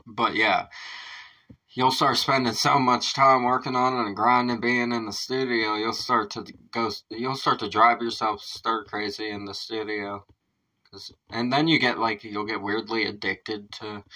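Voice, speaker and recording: A man's voice: on the low side, pushed and bright, poor audio. A man hosting a music reaction video from his home studio, talking casually, laughing often and swearing freely.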